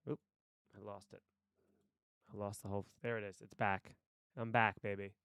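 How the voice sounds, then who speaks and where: A man chats casually on a live stream, rambling from thought to thought and cursing freely. His voice is smooth and clear at a mid pitch, recorded close and dry on a desk mic. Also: little pitch movement, moderate pace, long pauses, fairly bright tone, dry recording. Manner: rambling, stream-of-consciousness talk, swearing freely. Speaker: streamer and actor. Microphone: desk mic with headphones.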